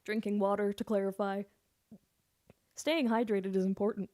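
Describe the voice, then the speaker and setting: A woman's voice: mid-range voice, steady tone, normal speed, a little mellow, no room sound, clean studio sound. A woman singer chatting casually on her live stream, giggly and loose, swearing now and then.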